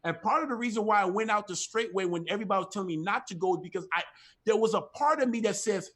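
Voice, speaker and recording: A man's voice: sits high, fast talker, fairly bright tone. Emphatic middle-aged man giving testimony. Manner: emphatic, repetitive, preacherly cadence with frequent "you know". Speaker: guest on a ministry talk show. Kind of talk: impassioned testimony. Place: at home.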